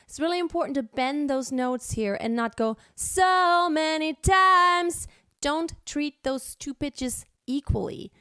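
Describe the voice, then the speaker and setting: A woman's voice: sits high, normal speed, hardly any pauses, a little mellow, no room sound, clean studio sound. A woman teaching singing, explaining technique and breaking into short sung examples. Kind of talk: vocal lesson with sung demonstrations.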